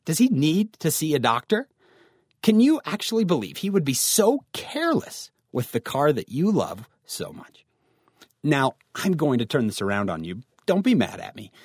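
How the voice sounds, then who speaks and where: Male youth speaker, lively storyteller, close dry mic. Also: mid-range voice, breathy edge, no echo. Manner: storytelling, addresses listeners directly. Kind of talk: devotional talk to teens.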